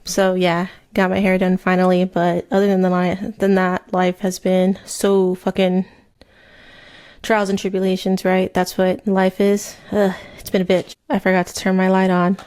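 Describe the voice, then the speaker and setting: A woman in her thirties hosts a true crime podcast in a loose, chatty ramble. She talks quickly and swears freely, with a mid-range voice. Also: mid-range voice, completely flat delivery, a little mellow, clear, resonant tone. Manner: fast, profane, rambling chat. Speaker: podcast host. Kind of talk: casual true crime chat while crocheting. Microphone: headset mic, then removed.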